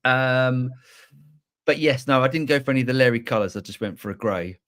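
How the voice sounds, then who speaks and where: A man's voice: mid-range voice, a little fast, a bit bright. A man co-hosting a live show, talking in a rambling way with many restarts. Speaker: co-host. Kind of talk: casual live show chat.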